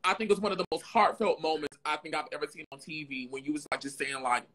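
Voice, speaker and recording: A woman's voice: low-pitched, fairly even intonation, fast talker, a bit bright. A woman interviewer in a casual chat who reacts with slang and asks questions.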